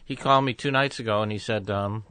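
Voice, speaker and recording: A man, a guest comedian in a casual interview chat, speaking slowly and deliberately with halting pauses and fillers. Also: lowish voice, bright, forceful tone, clear, resonant tone, dry recording.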